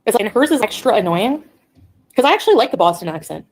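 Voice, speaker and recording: A woman chatting on her own livestream, blunt and given to ranting as she reads comments out loud. Her pitch jumps around a lot, swinging up and down as she talks. She sounds like a clip played back inside another stream. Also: very animated, quick pace, husky, poor audio. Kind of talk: casual livestream chat.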